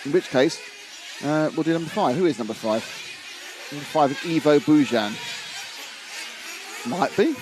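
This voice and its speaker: A man's voice: on the high side, animated, moderate pace, long pauses, noisy background. Chatty male race commentator. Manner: chatty, reads out viewer comments.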